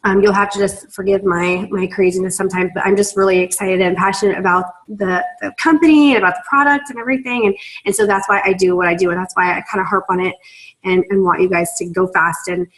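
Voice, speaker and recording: A woman's voice: mid-range voice, fairly even intonation, fast, poor audio. A young woman, a team leader on a video call, talking emotionally and gushing with many fillers, close to tears. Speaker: team leader in a sales business.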